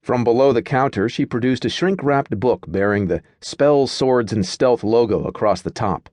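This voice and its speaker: A man reading an audiobook in a steady, measured storytelling manner. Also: medium pitch, dry recording. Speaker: audiobook narrator. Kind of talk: scripted narration.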